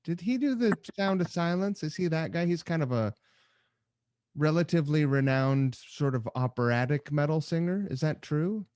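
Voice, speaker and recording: A man hosting a podcast, asking curious questions and wandering into relaxed, rambling asides. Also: on the high side, moderate pace, no echo, clean studio sound. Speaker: podcast host. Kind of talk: casual interview.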